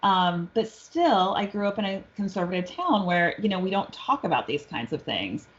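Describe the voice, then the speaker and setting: A woman's voice: medium pitch, moderate pace, dull audio. A woman telling a personal story on a podcast, acting out the voices of the people in it. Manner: animated storyteller, acts out quoted voices. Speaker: guest psychic medium.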